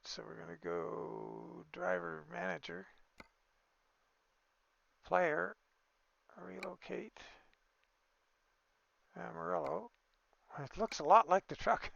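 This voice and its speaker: A man with a heavily gravelly voice talks through a truck-building game in an easygoing, off-the-cuff way, thinking aloud as he goes. The sound is dry and a little dull, recorded close on a desk microphone. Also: on the high side, slow pace, long pauses, a bit bright, no room sound. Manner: easygoing, thinking aloud with fillers and small exclamations. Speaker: gaming video creator. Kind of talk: casual gameplay commentary.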